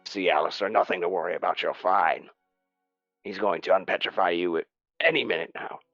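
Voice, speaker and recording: A man voicing a gruff golden dragonborn warrior who speaks low, quiet and threatening. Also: fairly quick, dry recording, muffled recording, soft background music, heavily acted. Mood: reassuring.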